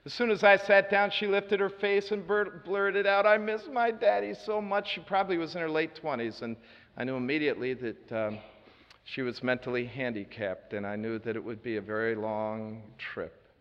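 A man preaching a sermon as a story, earnest with dry asides, moving between loud and hushed delivery. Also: mid-range voice, fairly even intonation, normal speed. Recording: reverberant hall, dull lo-fi sound.

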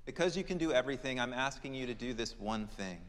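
A man preaching a sermon, moving dramatically between emphatic declarations and hushed, prayerful lines. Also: mid-range voice, animated, fast, long reverb tail. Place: church.

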